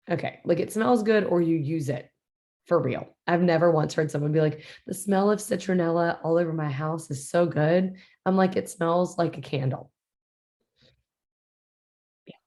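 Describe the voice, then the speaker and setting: A woman's voice: low voice, darkish tone. A woman chatting casually on a group business call, rambling and joking. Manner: chatty, rambling, uses y'all.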